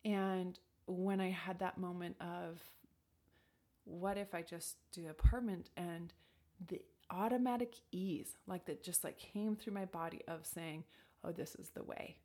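A woman with a lowish, mellow voice speaks steadily and without hurry, offering personal advice about intuition and decisions. Her reflective, casual talk is thoughtful, full of "like" and restarts, and occasionally drops to a near whisper.

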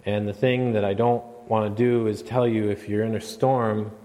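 A man preaching a sermon in an earnest way, at times rising into a loud, dramatic retelling. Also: on the low side, flat delivery, moderate pace. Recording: long hall reverb.

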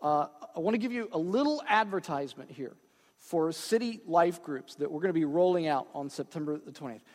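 A man's voice: high-pitched, long reverb tail. A male pastor preaching a sermon in a conversational way, with frequent asides and check-ins with the congregation.

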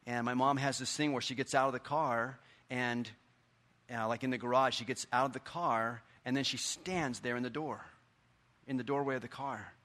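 Middle-aged male pastor, earnest conversational sermon, mid-range voice, quiet asides. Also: medium pitch, steady tone, moderate pace.

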